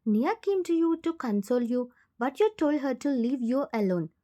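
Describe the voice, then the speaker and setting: A woman narrating a fan fiction story in the second person with plain, steady reading. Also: high-pitched, normal speed.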